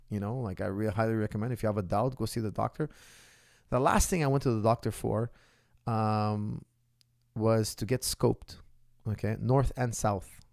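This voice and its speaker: Man, forties, coach, gravelly voice, dry close sound, emphatic, answering questions. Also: lowish voice, darkish tone, no echo. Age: 40s. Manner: emphatic, keeps checking in with "okay?". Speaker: martial arts coach.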